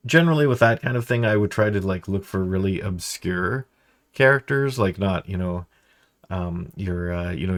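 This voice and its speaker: Deep-voiced easygoing man. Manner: easygoing, meandering. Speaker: game master and D&D talk show host. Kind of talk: casual instructional chat.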